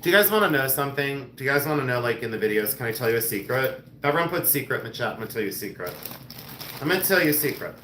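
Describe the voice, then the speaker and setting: A man's voice: medium pitch, animated, rapid-fire, pushed and bright, reverberant, a little hiss or hum. A man hosting a live-stream jewelry sale, chatting casually and joking and teasing.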